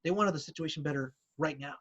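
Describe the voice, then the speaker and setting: A man with a slightly raised pitch talks through a casual podcast chat, circling his point with hesitations and restarts. The recording sounds a bit dull and lo-fi. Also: quick pace, fairly bright tone. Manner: hesitant, many fillers and restarts, explains with examples. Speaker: podcast co-host.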